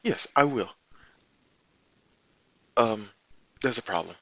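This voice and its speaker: A man voicing a female comms operative who reports bad news in a quiet, matter-of-fact way. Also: fairly low pitch, animated, takes it slowly, no room sound, highs cut off, exaggerated voice. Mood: grim.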